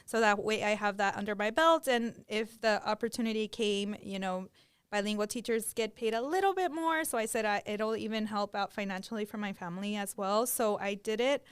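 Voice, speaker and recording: A young adult woman who is a teacher, telling her story on a podcast in a warm, earnest way. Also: mid-range voice, a little fast, clean tone, no room sound. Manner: warm and earnest, easily moved. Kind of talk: casual storytelling chat.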